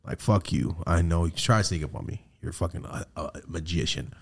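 A man hosting a podcast, telling ghost stories in casual chat, with heavy swearing and animated delivery. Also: low voice, fairly quick, vocal fry, husky. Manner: profane, animated storytelling. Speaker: podcast host.

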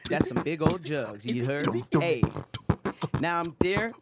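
A man's voice: fairly high pitch, animated, measured pace, over loud music. A man voicing a mock-posh British rapper in a castle, freestyling comic rhymes in an exaggerated fake British accent. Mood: boastful. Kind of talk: comedic freestyle rap.

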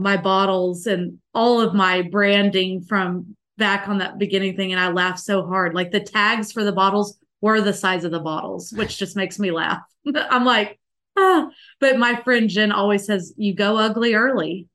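A woman's voice: mid-range voice, a bit bright. A woman, likely in her thirties, telling a guest in an interview her emotional personal faith story, earnest and full of restarts. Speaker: podcast guest.

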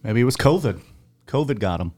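A man's voice: mid-range voice, expressive, brisk, darkish tone. Chatty podcast guy, bouncy voice, wanders off mid sentence a lot. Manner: joking, rambling, full of fillers and restarts. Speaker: podcast co-host. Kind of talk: casual banter.

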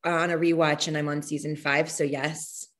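A woman's voice: low-pitched, level tone, moderate pace, a bit bright. A woman appearing as an actor guest in a casual interview, effusive and gushing, with frequent laughter.

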